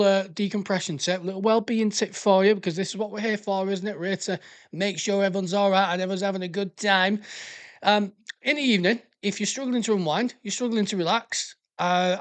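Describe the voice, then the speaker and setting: A man with a Northwest English accent hosting a podcast, rambling along in a sweary, jokey, casual chat. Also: high-pitched. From Northwest England. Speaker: podcast host.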